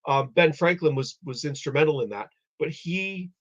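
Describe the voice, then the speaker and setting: Live stream host, male, slightly high voice, rambling explainer, muffled low-fi audio. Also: normal speed, fairly bright tone. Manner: rambling, explanatory, many restarts. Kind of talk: casual chat. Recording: dull lo-fi audio.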